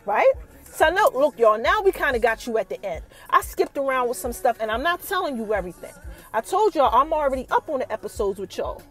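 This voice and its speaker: High-voiced woman hosting a lively recap. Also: fairly quick, soft background music. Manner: animated, teasing build-ups with repeated rising questions; slangy, conversational storytelling. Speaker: podcast host. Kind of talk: casual TV episode recap.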